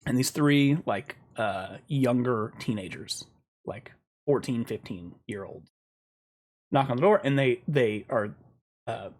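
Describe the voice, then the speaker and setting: A man's voice: mid-range voice, takes it slowly, darkish tone. A man co-hosting a podcast, telling stories in a blunt, casual way with plenty of swearing. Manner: storytelling, profane and blunt. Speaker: podcast co-host.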